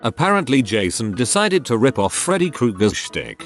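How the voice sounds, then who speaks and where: A man narrating online posts in a steady, even read-aloud delivery. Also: mid-range voice, moderate pace, hardly any pauses, soft background music. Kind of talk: scripted narration.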